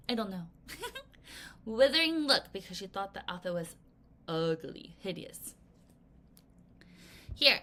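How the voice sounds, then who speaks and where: A woman teaches a vocabulary lesson to children in a bright, playful manner. Her pitch sits in the middle but jumps around a lot as she explains each word. She adds jokey asides and counts the class in before they read together.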